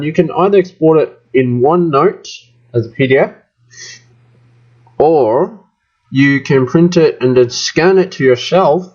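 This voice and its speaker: A man's voice: medium pitch, darkish tone. Muffled man giving casual class instructions. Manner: loose and informal, many fillers. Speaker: maths teacher. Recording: muffled lo-fi recording.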